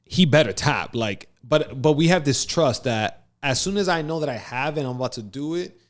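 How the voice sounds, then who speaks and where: A man co-hosting a casual podcast, telling a story with lively acted-out quotes and frequent laughs. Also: fairly high pitch, moderate pace. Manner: animated storyteller, acts out quotes, laughs often. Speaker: podcast co-host.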